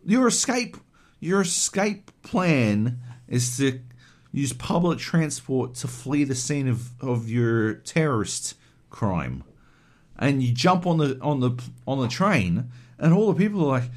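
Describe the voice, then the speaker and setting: A man's voice: medium pitch, very animated, a little slow. A man co-hosting a podcast, ranting animatedly and swearing a lot in casual chat. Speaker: podcast co-host.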